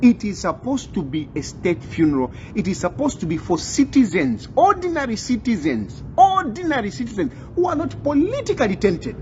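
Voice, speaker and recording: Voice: medium pitch, sing-song, normal speed, few pauses, warm tone, dull audio, slight background noise. A channel host giving commentary, insistent and repeating phrases for emphasis. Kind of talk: commentary to camera.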